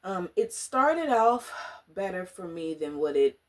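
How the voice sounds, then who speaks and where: A woman chatting casually in a book review vlog, animated and slangy, dramatic and often laughing. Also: on the low side, a little slow. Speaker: book vlogger.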